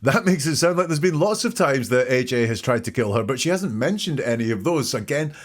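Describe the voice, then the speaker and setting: Male podcast host, analytical, methodical, mid-pitched voice. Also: lively intonation, a little fast. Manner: methodical, picks apart wording. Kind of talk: analytical commentary.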